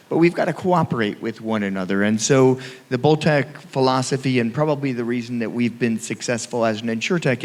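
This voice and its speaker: A man speaking on a conference panel, upbeat and conversational. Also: medium pitch. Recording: reverberant conference hall.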